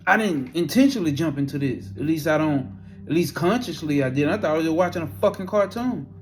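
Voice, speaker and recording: A man casually telling a spiritual experience story in a profane, animated way. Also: a little high, brisk.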